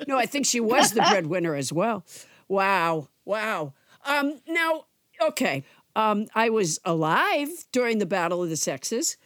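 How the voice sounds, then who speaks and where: A woman in her sixties co-hosting a chat, with a lively, wide-ranging pitch and a quick, joking manner. Her voice sits dry and close, with no room sound. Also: dry recording. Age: 60s. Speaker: co-host. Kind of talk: casual chat.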